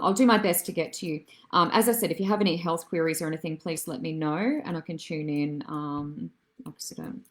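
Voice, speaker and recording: Chatty woman giving live psychic readings, lowish voice. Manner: affectionate, calls viewers darling and love; chatty and meandering, many soft fillers. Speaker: psychic medium and healer.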